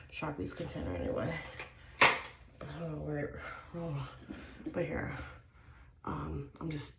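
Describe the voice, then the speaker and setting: A woman's voice: low voice, very noisy. A woman vlogger casually walking viewers through a home injection, chatty and a little nervous, saying y'all. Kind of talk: casual how-to vlog. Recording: echoey room.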